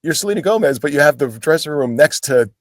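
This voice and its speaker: A man's voice: fairly high pitch, fast talker, dry recording, studio quality. A middle-aged man, an actor and guest, telling casual stories and acting out the voices of the people in them. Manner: animated, acts out voices of people in his stories. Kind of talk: casual anecdotal storytelling.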